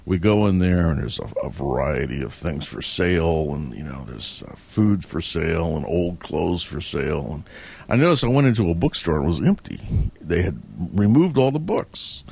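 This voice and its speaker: A man's voice: low-pitched, animated, normal speed, vocal fry, a little mellow, breathy edge. A man telling the story of a dream in a casual monologue, meandering and reflective as he retells it.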